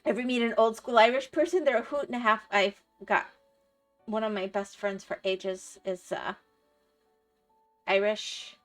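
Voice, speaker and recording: Woman, middle-aged, livestreamer, casual rambling chat, frequent laughs, mid pitch, faint music. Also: fairly even intonation, unhurried, pauses often. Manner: rambling, chatty, laughs often, answers chat. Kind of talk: casual chat while gaming.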